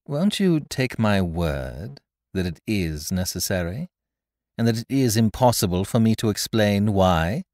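A man voicing a composed, secretive young woman who speaks calmly and steadily. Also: fairly low pitch, no echo, studio quality. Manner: calm, measured and composed.

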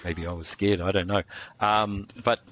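A man, telling stories in a relaxed interview, rambling with lots of fillers and restarts. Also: low-pitched, moderate pace. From New Zealand. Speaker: martial arts instructor.

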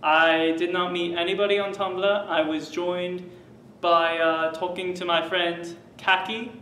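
A young man puts on a muddled fake British-Australian accent, slow and high-pitched, full of ums and proud claims. He sits back from the mic in a roomy, echoing space with a faint hum behind. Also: flat delivery, sharp tone, recorded from a distance. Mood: boastful. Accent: fake British-Australian mix. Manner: listing facts with many ums and pauses, boastful.

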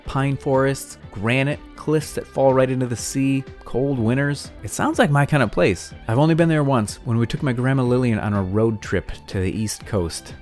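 A middle-aged man from Michigan, hosting a mapping tutorial and telling short personal stories in a relaxed, wry way. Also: mid-range voice. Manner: wry, relaxed storytelling with dry asides. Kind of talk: casual personal anecdotes and software walkthrough.

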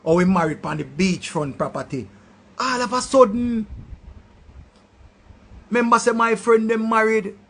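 Raspy ranting Jamaican man. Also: high voice, unhurried, long pauses. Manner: loud, insulting rant in patois. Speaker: online commentator. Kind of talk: ranting commentary.

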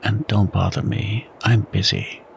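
A man's voice: lowish voice, level tone, unhurried, gravelly, a little hiss or hum. A man in whispered role-play voicing a stern, determined younger man trying to save a dog. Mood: urgent.

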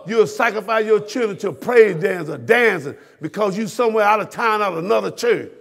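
A male pastor with a Southern US accent, preaching a fiery sermon that swings from shouted peaks to hushed drops. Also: high voice, lively intonation, fairly quick, creaky. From Florida, US.

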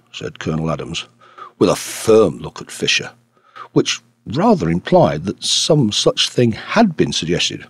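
Man reading a detective story, husky and expressive, very dry recording. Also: deep voice, unhurried, no room sound. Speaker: audiobook narrator. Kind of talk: scripted narration.

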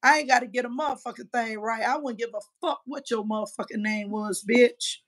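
High-voiced woman ranting profanely. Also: brisk, a bit bright. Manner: profane, combative, trash-talking. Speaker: livestreamer. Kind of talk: heated livestream rant.

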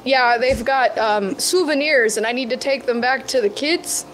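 A woman's voice: high-pitched, normal speed, slight background noise, lightly acted, rough recording. A woman voicing a chatty dead woman turned cosmic patron deity, with a Midwestern accent and a folksy, rambling way of talking. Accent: American Midwestern. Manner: folksy, rambling, keeps calling people bud. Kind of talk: tabletop role-play in character.

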